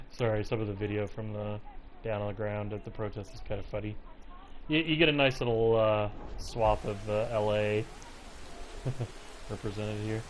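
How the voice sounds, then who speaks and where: A man with a lowish voice, speaking at a normal pace, streams a game from home and gives loose, rambling commentary, every so often stopping to coo at his cat. He's chatty and talks into a personal mic held close. The audio is poor, with a bit of hiss or hum.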